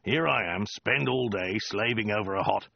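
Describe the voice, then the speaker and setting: A man's voice: fairly low pitch, normal speed, creaky, slightly rough, dull audio. A man voicing a brutish soldier who barks, snaps and hisses his orders. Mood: bullying. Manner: barking, snapping, hissing. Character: brutish soldier, bullying and menacing.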